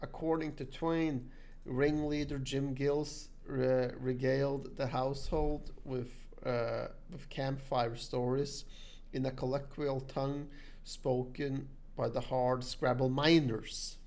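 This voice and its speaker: A man's voice: medium pitch, level tone, takes it slowly, darkish tone. A man hosting a podcast in casual chat, laid back and heavy on fillers, at times reading from notes. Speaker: podcast host.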